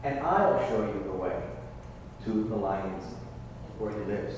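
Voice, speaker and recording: A man putting on a cunning male fox with a deep, coaxing, sinister voice, dropped well below his normal talk. It echoes through a big church hall, picked up from far from the mic. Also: expressive, darkish tone, slight background noise. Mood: sly. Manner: low, slow, coaxing.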